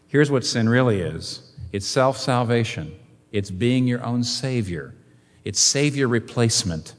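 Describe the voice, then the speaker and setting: Pastor, male, lively sermon delivery with swooping pitch, long church-hall reverb. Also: unhurried. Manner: animated preaching, rhetorical questions, wide swings in pitch and volume.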